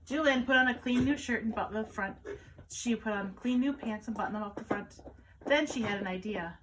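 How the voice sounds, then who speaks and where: A woman, a children's caregiver, reading a picture book aloud to children in an animated, sing-song storytelling manner. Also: fairly high pitch, fairly quick, noisy background.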